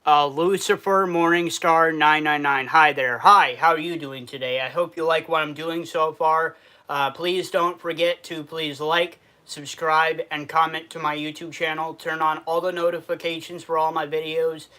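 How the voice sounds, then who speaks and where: Man, New York accent, casual livestream host, slightly high pitch, tense bright tone, sad. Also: steady tone, moderate pace, clear, resonant tone. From Western New York. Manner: reads viewer comments aloud and answers them. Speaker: streamer reviewing food.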